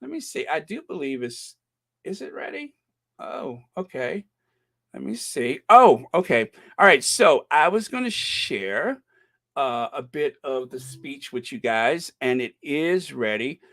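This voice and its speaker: An American man hosting a casual livestream, chatting warmly with a caller and reading viewer comments aloud in a rambling way. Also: on the high side, very animated, unhurried, vocal fry. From United States. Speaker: livestream host.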